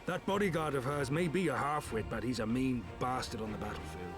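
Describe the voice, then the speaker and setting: A man's voice: medium pitch, brisk, natural voice. An actor playing a grave, blunt male commander in a game, over game music.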